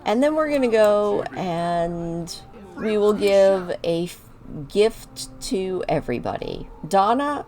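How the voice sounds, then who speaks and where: A woman's voice: medium pitch, animated, slow pace, a little mellow. A woman chatting casually as she narrates her own moves while playing a life-sim game. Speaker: gaming video creator.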